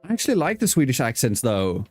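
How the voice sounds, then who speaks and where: A man's voice: medium pitch, big pitch swings, fast talker, soft background music. A man hosting a casual video-call interview, with an accent mixing British and South African English, rambling, swearing casually and laughing often. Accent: mix of British and South African English. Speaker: host.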